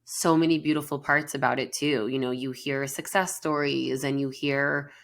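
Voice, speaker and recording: A woman's voice: extremely low pitch, steady tone, normal speed, gravelly. A woman co-hosting a counseling podcast, talking in an earnest, chatty way with plenty of fillers. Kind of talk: casual podcast conversation.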